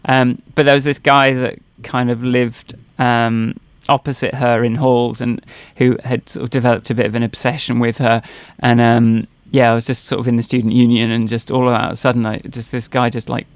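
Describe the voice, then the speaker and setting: A man's voice: medium pitch, little pitch movement, normal speed, few pauses, clear, resonant tone, no room sound. A man co-hosting a podcast, telling personal stories in casual chat, rambling with many fillers and restarts. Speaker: podcast co-host.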